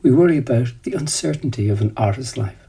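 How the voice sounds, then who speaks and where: A gentle, anxious mother in a storybook, speaking low and softly, as a gravelly-voiced man puts her on. Her tone is tender and worried, with a husky, dark edge underneath. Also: expressive, quick pace, full character voice. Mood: tender worry. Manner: soft, tender.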